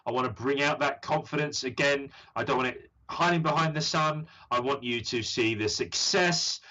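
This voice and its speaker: In a medium-pitched, pushed and bright voice at a moderate pace, a thirtysomething British man from the UK hosts a live stream reading as a psychic medium. He rambles encouragingly, using plenty of fillers, over dull lo-fi audio.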